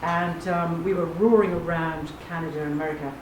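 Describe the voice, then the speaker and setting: A woman's voice: lowish voice, fairly even intonation, fairly quick, background noise. A woman voice teacher leading a workshop, playful and self-deprecating, who breaks into sung vowels as she talks. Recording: echoey room heard from a distance.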